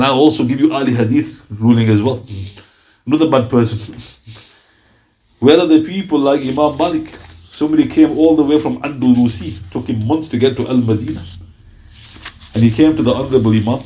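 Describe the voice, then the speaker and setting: A man's voice: medium pitch, moderate pace, long pauses, warm tone. A man giving a religious lecture on early Islamic scholars, telling stories with quoted dialogue. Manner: storytelling with acted-out quotes.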